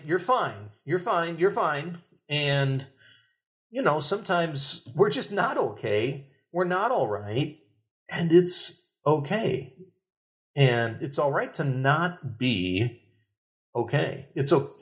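Middle-aged male therapist, podcast talk, mid pitch, lively. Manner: conversational, lively delivery with quoted phrases. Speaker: marriage and family therapist.

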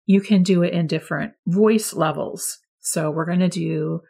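A woman's voice: on the low side, normal speed, creaky, hardly any pauses. A woman early childhood educator explaining classroom methods to other teachers in a friendly, instructive way. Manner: friendly, demonstrates voice levels with lively examples. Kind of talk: teacher training talk.

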